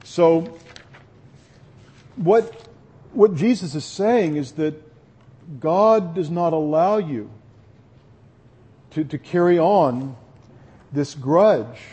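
A man's voice: fairly high pitch, animated, extremely slow, pauses often, mellow, husky. A man preaching a sermon in an earnest, conversational way. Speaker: pastor.

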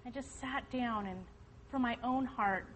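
A woman's voice: fairly high pitch, measured pace, fairly bright tone, slight background noise, low-quality recording. Earnest woman giving a church talk. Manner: earnest, emphatic, preaching to the audience. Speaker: speaker at a church women's event. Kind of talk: testimony talk to an audience.

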